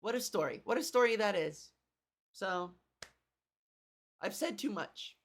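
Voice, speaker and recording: A woman's voice: medium pitch, lively intonation, unhurried. A woman comedian hosting her own podcast, with a cracky voice, rambling and swearing in casual, self-deprecating chat. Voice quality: cracky, gravelly voice.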